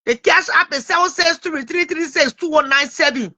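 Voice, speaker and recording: A woman hosts a casual livestream in a very high, sharp, bright voice. She talks animatedly to her viewers, repeating herself and stumbling over names as she goes. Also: normal speed. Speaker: livestream host.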